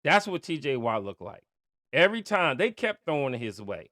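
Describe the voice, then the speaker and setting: A man hosting a podcast, ranting angrily as a sports fan, profane and heated, swinging from loud outbursts to low muttering. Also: big pitch swings, moderate pace, no echo, clean studio sound. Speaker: podcast host. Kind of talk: angry fan rant.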